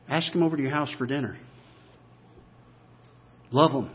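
A pastor preaching a sermon, moving from quiet, low talk up to loud, emphatic, repeated declarations. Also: male voice, moderate pace, long pauses, slightly rough, muffled recording.

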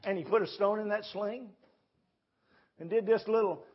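Man, pastor, folksy sermon storytelling, husky, muffled lo-fi church recording. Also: sits high, fairly even intonation, normal speed. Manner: storytelling, folksy, with quoted voices. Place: church sanctuary.

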